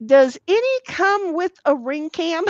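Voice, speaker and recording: A woman's voice: very high-pitched, a bit bright, dry recording, dull audio. A woman hosting a casual livestream, reading viewer comments aloud in a salty, giggly way and swearing freely. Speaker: livestream host.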